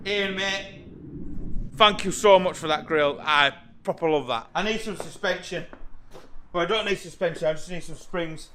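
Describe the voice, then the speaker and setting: A man talks to camera in a loose, rambling, jokey way, getting excited and hopping from thought to thought. His voice sits fairly high for a man. A faint hum of background noise runs under the talk. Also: normal speed. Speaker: car channel host. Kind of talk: casual chat to camera.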